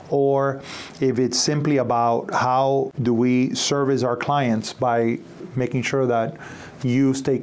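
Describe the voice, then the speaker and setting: A man with a mid-range voice co-hosts a podcast in casual talk. He speaks in a measured way and makes his points in long, flowing runs. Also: mid-range voice, a little mellow. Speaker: podcast co-host. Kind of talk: casual chat.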